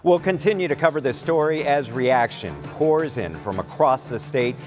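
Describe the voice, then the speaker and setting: A man anchoring a local evening newscast, reading scripted news in a measured, formal way. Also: on the high side, animated, a little mellow, faint music behind.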